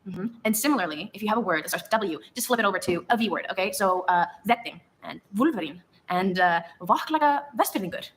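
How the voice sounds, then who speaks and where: A woman narrating a comedic mock tutorial in a deadpan, instructional way. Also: on the low side, fast talker, few pauses, poor audio.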